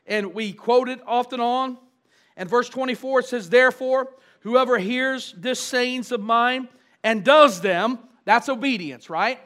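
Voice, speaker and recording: A man's voice: very high-pitched, a bit bright. A pastor preaching a sermon. He often asks the congregation questions and builds emphasis through repetition.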